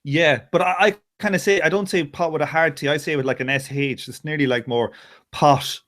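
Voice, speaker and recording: A man's voice: on the high side, fast talker, a bit bright. A man with an Irish accent chatting casually, rambling with many restarts and frequent laughs. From Ireland. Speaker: conversation partner. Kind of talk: casual chat.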